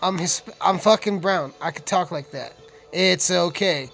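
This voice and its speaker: A man's voice: sits high, normal speed, a bit bright, faint music behind. A man giving a casual, profane, rambling reaction commentary on a film, joking with viewers. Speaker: video commentator.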